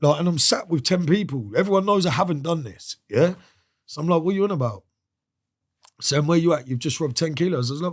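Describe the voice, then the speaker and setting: Animated man telling a street story. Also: a little high, fairly quick. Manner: animated, streetwise, swears, acts out quoted voices. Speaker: podcast guest. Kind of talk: casual interview storytelling.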